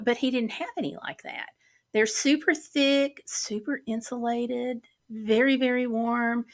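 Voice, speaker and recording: A woman with a drawl chats loosely with her viewers from her home office. Her voice sits high and sounds bright and forceful. She drifts from one thing to the next in a friendly, unplanned ramble. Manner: rambling, chatty, easily sidetracked. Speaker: livestream host. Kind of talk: casual livestream chat.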